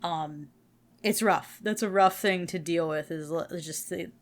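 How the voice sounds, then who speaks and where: A woman co-hosting a podcast in casual chat, chatty and self-deprecating with quick asides, tired and yawning late in the week. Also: on the low side. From New Jersey. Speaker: podcast co-host.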